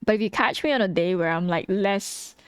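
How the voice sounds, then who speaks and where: A woman's voice: mid-range voice, a little fast, smooth, no echo, studio quality. A young woman streaming while she draws, chatting bluntly and casually with her viewers and laughing often. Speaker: streamer and artist. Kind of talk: casual livestream chat while drawing.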